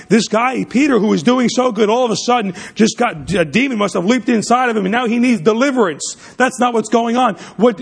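A man's voice: extremely high pitch, creaky, breathy edge. A man preaching a sermon, emphatic, often restarting and repeating words mid-sentence.

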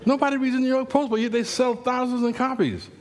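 A man preaching a sermon in a church, telling a story with humor and rising, animated exclamations. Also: very high voice, fast.

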